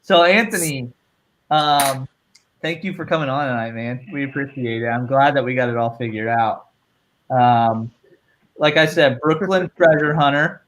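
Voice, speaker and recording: A man's voice: mid-range voice, normal speed, a bit bright, dull audio. A man hosting a live stream, upbeat, laughing often and reading viewer chat aloud. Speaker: host.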